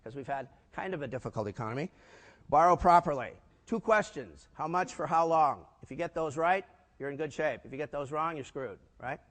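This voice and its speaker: An older American keynote speaker gives a punchy business talk in a large conference hall, tossing rhetorical questions at the audience. His voice is a little high and fairly bright, fairly quick, and the hall makes the recording echoey.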